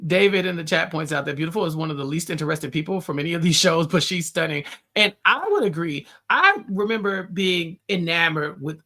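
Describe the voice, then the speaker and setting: A young man hosting a casual recap chat, relaxed and halting, with restarts and fillers. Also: on the high side. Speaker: podcast host.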